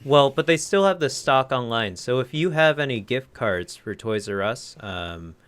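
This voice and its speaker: A man's voice: mid-range voice, animated, moderate pace, fairly bright tone, clear, resonant tone. Rambling male podcast co-host. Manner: rambling, self-correcting storyteller. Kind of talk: casual chat.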